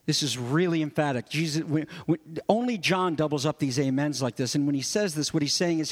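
A male pastor preaching, earnest and emphatic, his voice sitting high for a man. Long reverb from a large church sanctuary trails his words. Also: brisk, hardly any pauses. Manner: emphatic, earnest, explanatory, with repeated rhetorical stress. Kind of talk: sermon.

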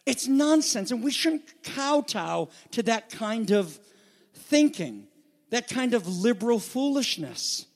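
A man with a notably high voice delivers an urgent sermon. He hammers his points with emphatic declarations and rhetorical questions, then drops to hushed asides before building again. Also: sing-song, slow. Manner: asks rhetorical questions and repeats phrases. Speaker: preacher.

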